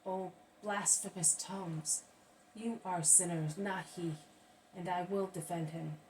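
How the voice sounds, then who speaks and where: A woman reading the part of a stately old man who heads a synagogue, speaking in a forceful, raised manner, from a distant mic with faint hiss. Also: lowish voice, fairly even intonation, slow pace. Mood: indignant. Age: older. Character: stately old male synagogue head, indignant defender.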